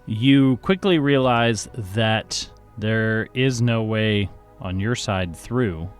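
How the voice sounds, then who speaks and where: A man's voice: lowish voice, takes it slowly, smooth, soft background music. A man narrating a tabletop game as game master, playful and making sound effects.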